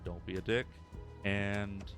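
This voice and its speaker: A man's voice: lowish voice, steady tone, slow pace, over music. A young man telling a casual story in a laid-back, rambling way, full of fillers. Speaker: streamer in a recorded clip.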